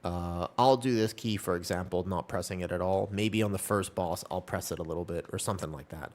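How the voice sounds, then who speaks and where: A low-pitched, darkish voice comes from this young man as he streams a game, talking a little fast. He chats casually with his audience, rambling in an upbeat and reassuring manner.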